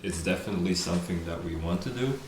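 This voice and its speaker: Low-voiced laid-back man, echoey room. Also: fast, darkish tone, slight background noise. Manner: laid-back, agreeable, many fillers. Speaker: brand co-founder. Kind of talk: casual Q&A chat.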